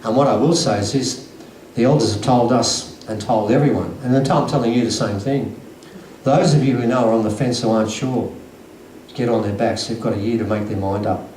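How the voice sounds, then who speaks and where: Earnest and emphatic, a conference speaker lectures his audience through stories in a medium-pitched, slightly mellow voice. The hall recording is distant and echoey, with slight background noise.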